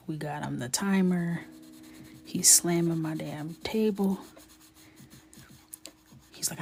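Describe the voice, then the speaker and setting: A woman's voice: on the low side, a little mellow. A young woman chatting casually with viewers as she colors, telling stories, often dropping to a whisper and laughing. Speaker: coloring livestream host. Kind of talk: casual chat while coloring.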